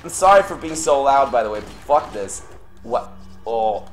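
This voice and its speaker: A young man streaming live gameplay and commenting as he plays. He swears often and swings between low grumbling and sudden yelling. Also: unhurried. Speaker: streamer playing a horror game.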